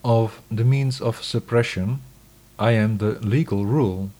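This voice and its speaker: A man giving a scripted scripture reading in a measured, solemn, declamatory way. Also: medium pitch, dark tone.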